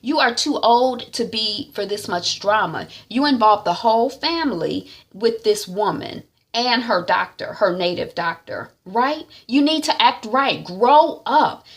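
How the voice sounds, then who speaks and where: Blunt bossy young woman telling her sister off, as a lady reviewer puts her on, gravelly voice. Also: on the high side, animated, measured pace, few pauses, pitched above the performer's own voice. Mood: scolding. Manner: blunt, lecturing.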